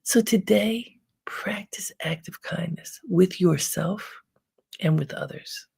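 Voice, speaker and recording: Woman giving calm self-help advice, really raspy fry in her voice, slow with lots of pauses. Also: on the low side. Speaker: host. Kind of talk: inspirational self-help talk.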